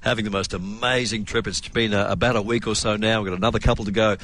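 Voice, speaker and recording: A man hosting a live radio show on location, chatty and quick to laugh. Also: fairly low pitch, steady tone, a bit bright. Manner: chatty, laughs easily, cheery filler. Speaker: radio host.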